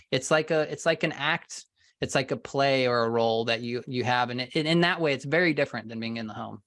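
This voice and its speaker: Mid-pitched guy, sales trainer on a video call, animated, hits his words hard. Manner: animated and emphatic, stressing words for effect. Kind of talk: interview answers.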